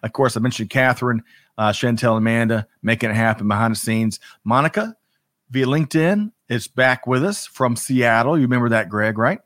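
A male host greets viewers by name, upbeat and chatty, often tripping over his words. His voice sits at a middle pitch. The sound is dry, with no room echo. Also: fairly quick, a bit bright. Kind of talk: livestream talk show.

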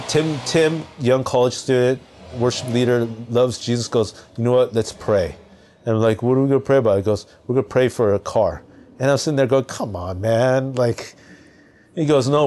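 A man from Southern California, a podcast guest, telling a personal story in a casual, animated way with lots of fillers. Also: medium pitch, slight background noise.

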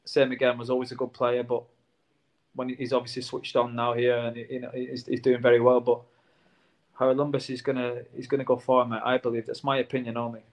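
A former footballer talking casually in an interview, earnest and warm toward the players, tacking "mate" onto his sentences. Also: medium pitch, completely flat delivery, fast talker. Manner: earnest, says "mate" a lot.

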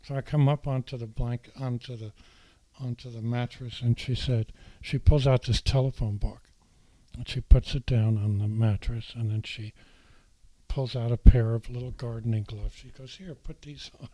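A man's voice: mid-range voice, moderate pace, no echo, poor audio. A man telling a candid, emotional personal story, acting out the people he quotes. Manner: animated, acts out the people he quotes.

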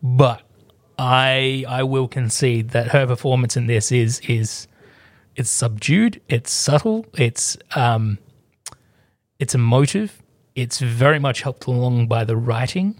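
A man's voice: medium pitch, takes it slowly, no echo. Opinionated man, dry close sound. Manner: opinionated, hesitant restarts. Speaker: film review podcast co-host. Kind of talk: casual chat.

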